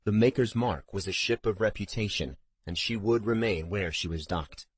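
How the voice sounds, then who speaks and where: A man narrating an audiobook in a steady, even storytelling delivery. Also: lowish voice, normal speed, slightly rough. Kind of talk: scripted narration.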